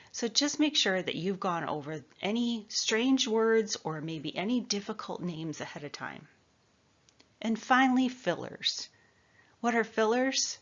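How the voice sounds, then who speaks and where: A woman's voice: lowish voice, a bit bright, highs cut off. Woman from the Midwest coaching presenters. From American Midwest. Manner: clear, measured coaching delivery. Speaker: presentation skills trainer. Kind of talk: instructional talk.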